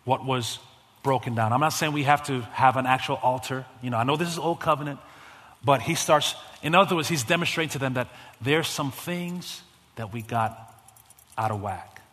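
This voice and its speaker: A man preaching as a guest pastor, casual with slang, swinging between loud fervent calls and hushed storytelling. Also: mid-range voice, moderate pace. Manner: casual, youthful slang and repetitions. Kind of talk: sermon. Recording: long hall reverb.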